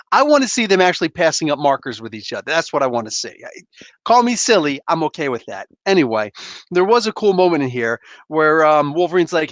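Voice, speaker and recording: A man's voice: a little high, big pitch swings, brisk, no echo. A man casually reviewing comics on a live stream, loose and joking, laughing often and swearing a bit.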